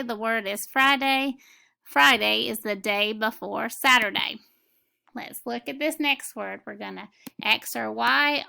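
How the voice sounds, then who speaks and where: A woman teaching a phonics lesson, decoding words step by step in a clear, methodical way. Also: a little high, sharp tone.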